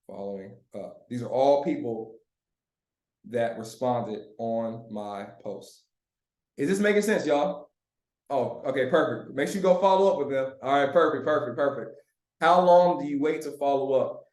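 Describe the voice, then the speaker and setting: A man leading a live online sales training, coaching his group in a lively, chatty way and often laughing. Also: mid-range voice, echoey room.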